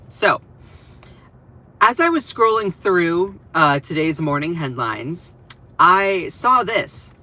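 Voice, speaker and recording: Over breakfast at home, this young livestream host talks in a slightly high, bright, forceful voice. His chat is casual and wandering, full of self-deprecating jokes, laughter, and false starts.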